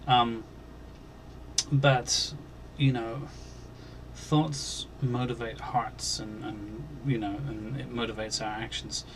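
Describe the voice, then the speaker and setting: A man hosting a Christian channel, earnestly recounting a dream as personal testimony, halting and restarting, and growing emphatic on key points. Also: medium pitch, slight background noise. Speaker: Christian video channel host.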